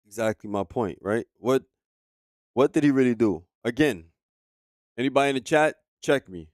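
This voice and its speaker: A man's voice: mid-range voice, lively intonation, moderate pace, darkish tone, no room sound, clean studio sound. A man streaming live, talking heatedly and profanely to his chat as he reacts to a video. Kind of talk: casual livestream commentary.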